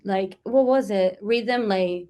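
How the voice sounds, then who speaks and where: A woman's voice: mid-range voice, takes it slowly, warm tone. A woman from Brazil with a Brazilian accent, a musician chatting casually as an interview guest, rambling with lots of fillers.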